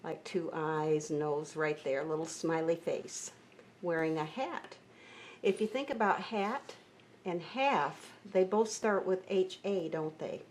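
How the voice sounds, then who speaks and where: A woman's voice: sits low, slow pace, a little mellow, a little hiss or hum. A woman teaching a beginner piano lesson, patiently explaining note values and chanting counts aloud.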